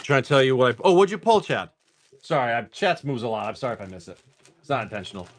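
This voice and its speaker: Lively, loose-talking man hosting a stream. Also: medium pitch, quick pace, slight background noise. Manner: loose and talkative, swears casually, talks to chat. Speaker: host of a live card-pack opening stream. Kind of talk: casual live-stream chat.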